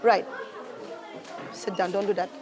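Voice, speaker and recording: A woman's voice: mid-range voice, fairly even intonation, a little slow, crowd noise. A woman teaching a primary school science class, encouraging her pupils and calling them darling as she leads a clean-up and a discussion.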